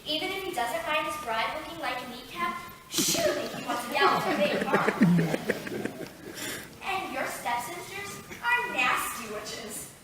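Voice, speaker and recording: A sassy, chatty fairy godmother, played by a woman in a live youth theatre show, high-voiced and playfully theatrical. She is heard from far back in a very echoey theatre, with steady audience and room noise behind her. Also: measured pace. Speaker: stage actor. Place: theatre stage. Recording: echoey stage taped from afar.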